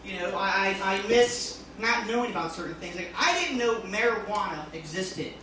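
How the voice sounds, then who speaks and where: A man performing a casual stand-up comedy set, talking loosely with many fillers and sudden loud jumps, recorded from far off on a phone in a comedy club. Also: high voice, lively intonation, normal speed, very echoey, slight background noise. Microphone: phone filming from the audience.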